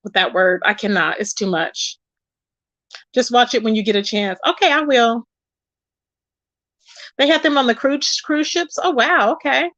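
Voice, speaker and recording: High-pitched woman host, lively chatty stream talk, greets viewers warmly by name. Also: measured pace, pauses often, dull audio. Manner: animated, chatty, calls viewers "child" and "baby". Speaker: livestream host reading chat. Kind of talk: casual chat.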